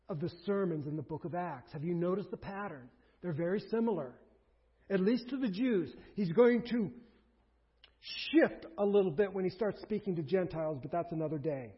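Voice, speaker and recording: A man preaching a sermon as a pastor, emphatic and rising to forceful peaks. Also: sits high. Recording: dull lo-fi sermon recording.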